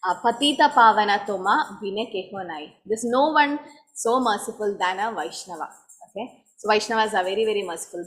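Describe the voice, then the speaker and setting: A woman giving a scripture class, telling devotional stories in a lively way and acting out the people in them. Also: mid-range voice, a little hiss or hum, rough recording. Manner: animated storytelling, acting out quoted voices. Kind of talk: storytelling sermon.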